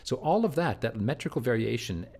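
A man's voice: mid-range voice, very animated, fairly quick, darkish tone, breathy edge. A man giving a recorded literature lecture, who often repeats and restarts words and keeps checking in with his listeners.

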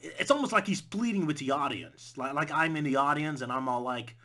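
Man, comedic movie rant, sarcastic, fairly high voice. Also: fairly quick, hardly any pauses, pushed and bright. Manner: sarcastic, mocks with silly put-on voices. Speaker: video essayist.

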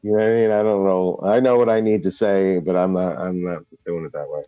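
A man's voice: deep voice, steady tone, a little fast, warm tone, no echo. Man, podcast co-host, slangy profane storytelling, dry dull lo-fi sound. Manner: slangy and profane, tells stories. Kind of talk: casual chat.

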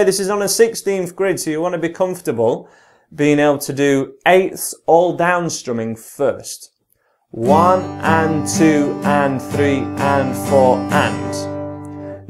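British male guitar teacher, slightly high voice, counts beats slowly, loud guitar behind him. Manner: counts along in a slow, drawn-out voice. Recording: guitar playing loudly behind the voice. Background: his own guitar playing.

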